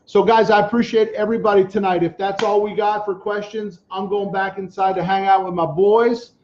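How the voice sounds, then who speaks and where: A middle-aged man, a business coach answering viewer questions on a casual live stream, energetic and full of slang like dude and man. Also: sits high, fairly quick, highs cut off, slight background noise.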